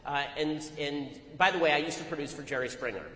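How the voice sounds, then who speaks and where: A man delivering an anecdotal, argumentative speech to an audience, telling his story rapidly. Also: a little high, sharp tone. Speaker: public speaker. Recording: echoey hall, long reverb.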